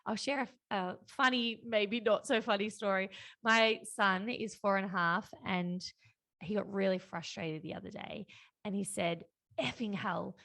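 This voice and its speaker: A woman's voice: medium pitch, fairly even intonation, a little slow, vocal fry, a bit bright. A woman in her thirties hosting a podcast, chatting casually and acting out the voices in her stories. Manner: chatty, acts out quoted voices. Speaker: podcast host.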